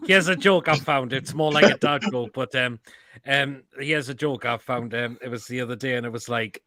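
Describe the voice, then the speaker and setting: A man's voice: mid-range voice, normal speed, bright, forceful tone, dry recording. A man hosting a casual live show, hesitant and full of ums as he moves on to the next item. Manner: hesitant, lots of ums, moves things along.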